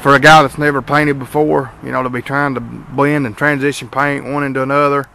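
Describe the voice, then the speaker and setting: A man's voice: medium pitch, little pitch movement, brisk, vocal fry, pushed and bright, slight background noise. A young man casually showing off his repainted car outdoors, rambling with fillers and restarts. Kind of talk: casual walkaround vlog.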